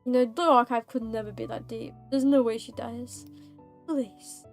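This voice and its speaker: A woman's voice: a little high, steady tone, normal speed, faint music behind. A woman streaming a story game, reacting in a playful, dramatic, jokey way. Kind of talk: casual gaming stream commentary.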